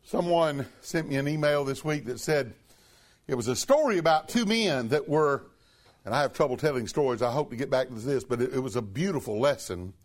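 A man preaching a sermon to his congregation, emphatic and earnest, swinging between loud high stresses and low quiet phrases. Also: expressive, a little fast.

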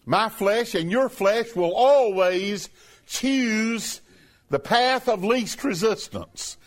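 A man preaching a sermon, talking plainly to his congregation and reading scripture aloud slowly and emphatically. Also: high-pitched, expressive. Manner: emphatic, reads scripture in a slow raised voice.

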